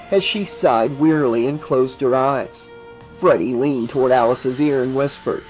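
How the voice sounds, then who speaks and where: Slow, expressive male audiobook narrator. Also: mid-range voice. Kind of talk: audiobook reading.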